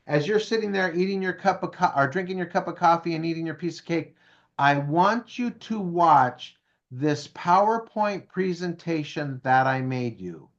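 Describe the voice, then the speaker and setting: A man's voice: a little high, animated, normal speed, lo-fi sound. A man being interviewed who tells a story with energy, acts out the dialogue and keeps asking "right?" and "okay?". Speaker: guest speaker.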